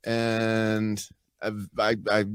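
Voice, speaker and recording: A man's voice: fairly low pitch, completely flat delivery, very slow, fairly bright tone, clear, resonant tone, no echo, studio quality. A man from Vermont chatting and joking as a podcast guest, playful with voices. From Vermont, USA. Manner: jokey, playful with voices and accents. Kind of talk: casual banter and interview.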